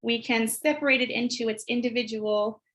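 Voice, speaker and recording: A woman's voice: fairly high pitch, fairly even intonation, a bit bright, rough recording. Woman teacher modeling early reading steps. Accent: American. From United States. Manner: patient, modeling words slowly for children. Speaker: teacher presenter. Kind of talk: instructional webinar walkthrough.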